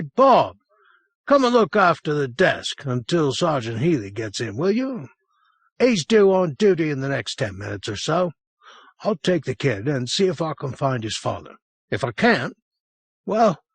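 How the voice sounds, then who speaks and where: A man's voice: mid-range voice, sing-song, normal speed, breathy edge, no echo, pitched above the performer's own voice. A man playing a weary, patient police sergeant. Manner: dry, patiently teasing.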